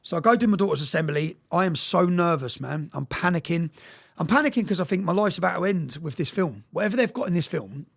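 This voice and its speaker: A man telling a story in an interview, talking fast, swearing and repeating words, often asking "yeah?". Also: on the high side, lively intonation, vocal fry, husky. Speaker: interview guest.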